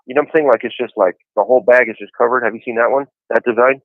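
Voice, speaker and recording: Rapid-fire and fairly even in intonation, a mid-range male voice belongs to a man in his forties phoning a podcast from prison. His talk is casual and easygoing as he tells his story, heavy on "you know." It's a tinny prison line through a handset, with no room sound.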